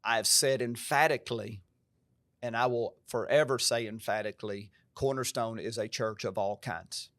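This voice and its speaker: A man's voice: medium pitch, moderate pace, fairly bright tone, no room sound, studio quality. A male pastor with an American country twang, talking earnestly and emphatically on a podcast in a preacher-like way. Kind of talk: podcast conversation.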